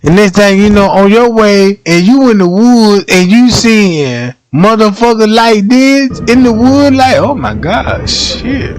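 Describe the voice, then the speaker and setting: A man riffs and laughs through a livestream reaction. His voice sits high and his delivery is unhurried. The sound is close and dry, with no room around it. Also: expressive, dry recording. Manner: slangy, laughs often, acts out quick bits. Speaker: livestream host.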